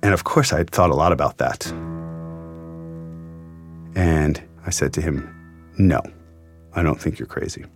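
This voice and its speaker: Low-voiced male journalist, earnest and reflective storyteller, soft music under him. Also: measured pace, gravelly, long pauses. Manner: earnest, reflective, emotional retelling. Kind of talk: storytelling interview.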